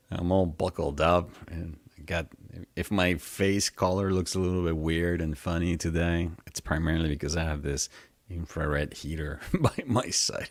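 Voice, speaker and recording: A man hosting a live spiritual webcast, talking in a gentle, unhurried way and greeting viewers by name. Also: very deep voice, dry recording. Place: indoor room at home with a heater.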